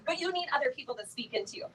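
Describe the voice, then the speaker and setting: A woman's voice: high voice, a bit bright, far from the mic, slight background noise, low-quality recording. A middle-aged woman giving a motivational talk to a live audience from a stage, chatty and playful, full of fillers and laughing asides. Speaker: motivational speaker at a sales event.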